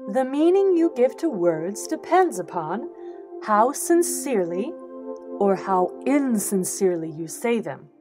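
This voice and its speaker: A woman reading a children's book aloud in an expressive way, acting out the quoted lines. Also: medium pitch, a little slow. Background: instrumental music.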